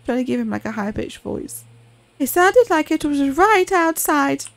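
A woman talks casually through a horror game, reacting aloud as she plays. Her voice is fairly high with a gravelly fry running through it. She keeps up a chatty stream of remarks. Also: animated, a little slow, no echo. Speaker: gaming channel host. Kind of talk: casual let's-play commentary.

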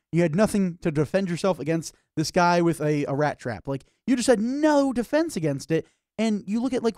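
A man's voice: high-pitched, darkish tone, no echo, clean studio sound. A man co-hosting a podcast, chatting casually about games and horror, acting out scenes in put-on voices. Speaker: podcast co-host.

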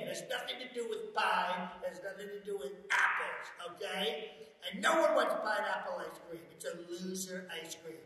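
A boastful, petulant president who brags and whines over and over. His voice sits high and sounds bright and sharp. He is recorded from a distance in a hall with a long, echoey reverb. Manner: boastful, repetitive, whiny. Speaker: actor doing a president impression. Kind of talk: comedic impression.

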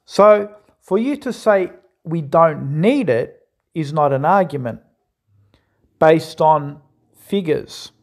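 A man commentating on a clip, pausing it to argue his points earnestly and repeating himself for emphasis. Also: a little high, animated, a little mellow. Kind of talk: reaction commentary.

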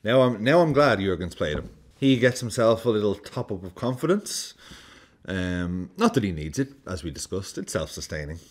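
A man, giving animated, casual football commentary as a vlogger. He swears freely and acts out his reactions. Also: lowish voice, normal speed.

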